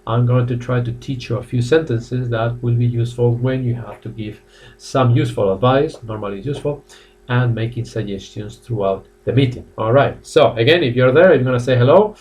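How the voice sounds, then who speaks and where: A man teaching an English class live online, repeating model phrases slowly and greeting viewers in the chat. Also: mid-range voice, a little mellow, recorded from a distance. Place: language academy classroom.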